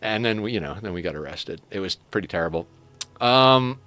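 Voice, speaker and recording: A man streaming a strategy game talks loosely, drifting into rambling stories and dropping casual swearing as he plays. His pitch swings widely, lending real bounce to his chatter. The sound is dry and close, with no room around the voice. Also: expressive, a little fast, pushed and bright, dry recording, faint music behind. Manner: rambling, profane, self-amused storytelling. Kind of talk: casual live-stream gaming commentary.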